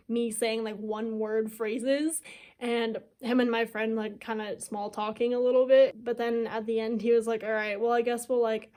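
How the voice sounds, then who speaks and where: A woman's voice: a little high, warm tone. Chatty young woman telling a story. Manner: chatty, self-mocking, heavy "like" filler. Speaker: YouTuber. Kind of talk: casual storytime.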